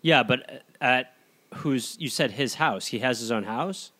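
A man's voice: mid-range voice, unhurried, bright, forceful tone. A man co-hosting a comedy podcast, reacting briefly and asking clarifying questions. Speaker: podcast co-host listening. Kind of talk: casual chat.

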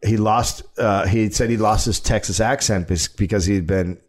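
A man hosting a comedy podcast, telling a true story with a deadpan, sarcastic delivery. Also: fairly low pitch, normal speed. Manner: deadpan storyteller who mock-defends the lie with sarcasm.

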